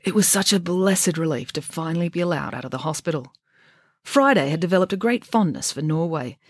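Expressive woman reading a novel aloud. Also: lowish voice, fairly quick, no echo, studio quality. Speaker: storybook reader.

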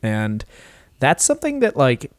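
A man's voice: mid-range voice, wildly swooping pitch, a little slow, no echo, clean studio sound. A man, a stand-up comedian co-hosting a podcast, riffing jokes and laughing often in casual chat.

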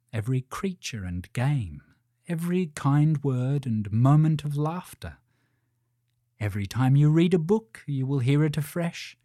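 A man voicing a wise, soothing ancient spirit who speaks gently and slowly. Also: mid-range voice, dry recording, clean studio sound, lightly acted.

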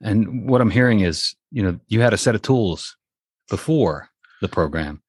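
Low-voiced host summing up, dry sound. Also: male voice, lively intonation, normal speed, slightly rough, no echo. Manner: reflective, sums up the guest's points. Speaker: podcast host. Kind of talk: interview conversation.

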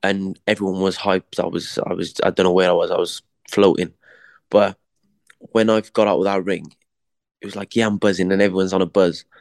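A man's voice: low voice, flat delivery, brisk, vocal fry, darkish tone, no echo, studio quality. A young man, a boxer, chatting casually in an interview, slangy and repeating words as he tells his story.

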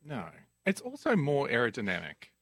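Brief: husky bright-voiced comedian guest, deadpan one-liners, lively pitch. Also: male voice, no room sound, clean studio sound. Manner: quick deadpan quips. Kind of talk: casual podcast banter.

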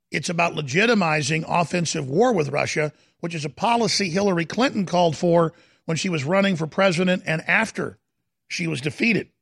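Guy hosting a talk show in a studio, fired up political rant, super gravelly raspy voice, hammers every point, dry close sound. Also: fairly high pitch, dry recording. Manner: emphatic, dramatic, swings from slow deliberate stresses to shouting. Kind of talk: heated political commentary. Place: broadcast studio.

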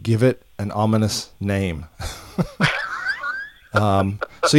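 A man's voice: fairly low pitch, fairly even intonation, slow pace, darkish tone. Chatty man hosting a fan podcast. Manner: enthusiastic, chatty, restarts often. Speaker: podcast host. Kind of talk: casual chat.

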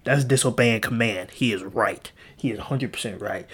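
A man's voice: a little fast, few pauses, slightly rough. A man hosting a casual solo podcast, rambling and playful, jumping from jokes to musings and acting out the voices he quotes. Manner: acts out quoted voices with big pitch jumps. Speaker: podcast host.

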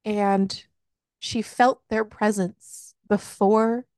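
A woman's voice: medium pitch, drawn-out words, no room sound, studio quality. A woman co-hosting a podcast, casually retelling a book's plot with lots of swearing and laughter. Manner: animated retelling with profanity and laughs. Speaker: podcast co-host. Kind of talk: casual book recap chat.

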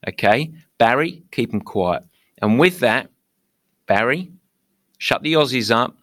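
A man's voice: medium pitch, lively intonation, unhurried, fairly bright tone, no room sound, clean studio sound. A British man hosting a podcast, talking playfully with theatrical mock indignation. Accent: British English. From England. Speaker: podcast host. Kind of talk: upbeat podcast monologue.

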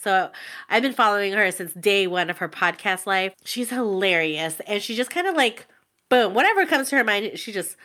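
A young woman co-hosting a podcast, telling an excitable story in casual chat, full of "like" and laughter. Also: medium pitch. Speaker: podcast co-host.

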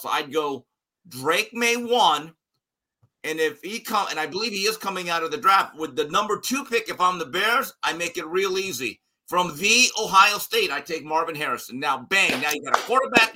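A man holds forth on a sports talk show with a blunt, sarcastic edge, and his voice is piercingly bright and tense. His pitch swings all over the place as he hammers each point home, sitting a little above most men. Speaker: guest sports analyst.

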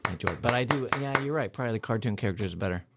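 A man's voice: lowish voice, expressive, rapid-fire, background noise. A man co-hosting a podcast in casual chat, playful and self-deprecating. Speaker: podcast co-host.

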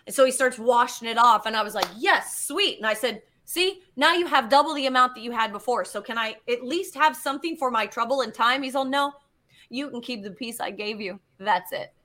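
Bright high-voiced woman telling a story. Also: brisk. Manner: animated, swearing, acts out quotes. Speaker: guest geologist. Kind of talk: casual storytelling.

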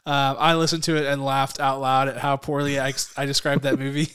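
Chatty man with a smooth voice. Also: medium pitch, little pitch movement, brisk, a bit bright. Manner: chatty, laughs often, self-deprecating. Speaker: podcast co-host. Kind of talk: casual chat.

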